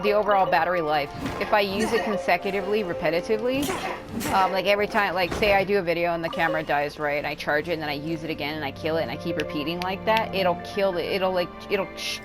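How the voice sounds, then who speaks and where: A woman with a slightly low, raspy voice talks her way through a game session, cursing freely and drifting into long rambling asides. Game music plays clearly underneath her commentary. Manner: chatty, swears often, rambling asides. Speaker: gaming YouTuber. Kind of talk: casual gameplay commentary.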